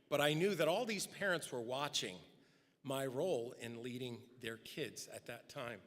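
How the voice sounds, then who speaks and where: A middle-aged man giving a eulogy at a memorial service, telling personal anecdotes and acting out quotes, speaking at a podium microphone in a large church sanctuary. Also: fairly bright tone. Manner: storytelling, acting out quotes with rising pitch. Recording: long church hall reverb.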